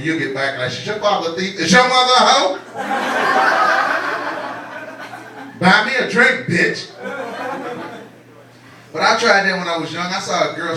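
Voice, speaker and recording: Man, stand-up comic, high voice, profane, streetwise, distant echoey club recording, crowd laughing. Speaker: stand-up comedian. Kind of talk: stand-up comedy set. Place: comedy club stage. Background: audience laughing.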